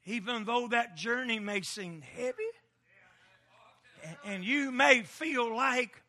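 A man preaching with a very high, piercing voice that rings sharp and bright. He takes his time, drawing out each phrase slowly in a rhythmic cadence, then rises into shouted, chanting refrains. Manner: repeats parallel phrases in a chanting build. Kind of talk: sermon.

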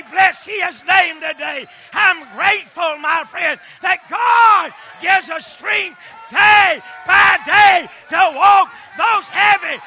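A man's voice: extremely high pitch, sharp tone. A man preaching a sermon in a rhythmic cadence, building into fervent refrains and chanting repeated phrases.

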